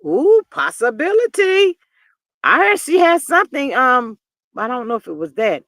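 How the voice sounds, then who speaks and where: A woman hosting a live stream, chatting casually and reading viewer comments, animated and drawling, often calling people "child". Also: high-pitched, unhurried, dry recording, clean studio sound.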